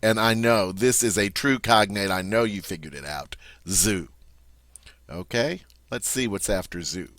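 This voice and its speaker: A man teaching French vocabulary, repeating each word slowly and clearly and explaining it in a friendly, encouraging way. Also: fairly low pitch, fairly bright tone, no room sound. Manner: slow, drawn-out model pronunciations with repeats. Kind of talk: vocabulary lesson.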